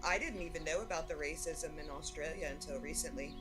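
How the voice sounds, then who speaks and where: Southern guy hosting a chill chat, loud music behind him. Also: on the high side, quick pace. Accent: Southern American. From American South. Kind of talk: casual chat.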